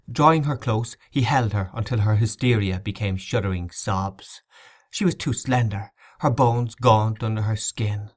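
Man reading a novel aloud, low voice, steady and dramatic. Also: unhurried. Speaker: narrator. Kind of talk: audiobook narration.

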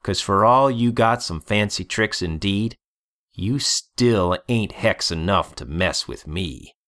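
A man voicing a mean, cocky young male gunslinger with dark powers, snarling and threatening. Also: lowish voice, lively intonation, slow. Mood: menacing.

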